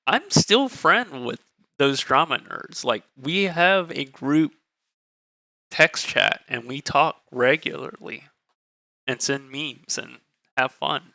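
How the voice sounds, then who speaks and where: A man's voice: a little high, lively intonation, slow pace, gravelly, pushed and bright, no room sound. A male streamer reading a dating game aloud in a candid, joking way.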